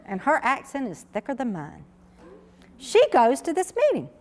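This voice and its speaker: A woman tells stories from the stage of a large lecture hall. She sounds emphatic, and her fairly high voice swoops up and down a lot. A long reverb trails behind each phrase. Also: normal speed. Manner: emphatic, animated storytelling. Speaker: researcher giving a conference talk. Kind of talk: conference keynote speech.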